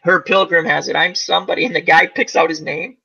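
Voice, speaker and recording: A man hosting a casual chat about old comedy movies, animated and laughing as he acts out lines. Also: fairly high pitch, brisk, gravelly, breathy edge, highs cut off. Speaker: channel host.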